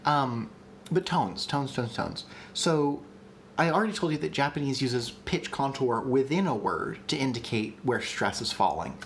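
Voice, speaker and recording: A man at a middle pitch explains ideas in a casual, live-streamed lecture. He thinks out loud, pausing on fillers and restarting his sentences as he reads and answers chat questions. A faint hiss of background noise sits under his voice. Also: animated. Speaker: streamer teaching language creation.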